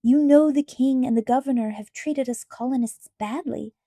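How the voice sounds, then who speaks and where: An earnest young apprentice presses his point with steady insistence, voiced by a woman reader. The voice is mellow and dark, recorded close and dry. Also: high voice, moderate pace, no room sound. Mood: indignant.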